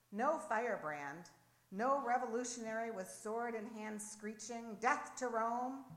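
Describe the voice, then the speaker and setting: A woman reads a devotional story slowly and earnestly, with dramatic weight, and then leads a prayer. Her voice sits at a middle pitch and carries a roomy echo. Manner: earnest, slow, dramatic reading. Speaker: devotional reader leading prayer.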